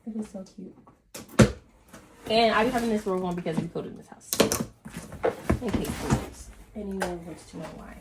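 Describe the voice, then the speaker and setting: A woman talks casually and gushes freely, her excitement spilling over between ordinary remarks. Her pitch sits in a middle range. A loud wash of noise and scattered clicks runs underneath her voice. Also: moderate pace, pauses often. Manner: excitable, gushing, chatty. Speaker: sewing vlogger. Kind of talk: casual unboxing chat.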